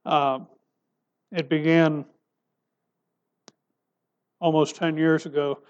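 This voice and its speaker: A male pastor preaching a sermon, asking rhetorical questions and dropping his voice soft for emphasis. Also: fairly high pitch, little pitch movement, slow pace, smooth, dull audio.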